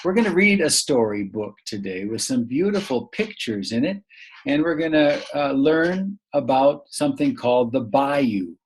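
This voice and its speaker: A man from the northern United States, teaching a recorded English lesson to young children in a slow, chatty way, asking questions and answering them himself. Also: mid-range voice, big pitch swings, breathy edge. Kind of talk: online lesson to young learners.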